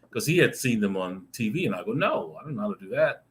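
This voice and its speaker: Animated man telling a story. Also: mid-range voice, a little fast. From Arizona. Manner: animated, acts out voices in his stories, laughs often. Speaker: guest storyteller. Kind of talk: casual anecdote telling. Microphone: video call.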